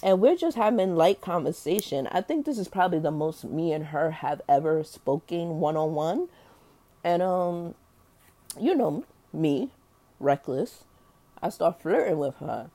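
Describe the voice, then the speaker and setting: A woman's voice: deep voice, animated, a little slow, warm tone. A young adult woman telling a personal story in a candid, slangy, rambling way, full of fillers and explicit language. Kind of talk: casual storytelling.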